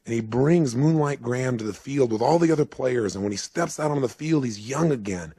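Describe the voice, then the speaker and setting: A man giving a motivational speech, retelling a story dramatically, swinging from hushed to urgent. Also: mid-range voice, expressive, moderate pace, breathy edge. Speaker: motivational speaker.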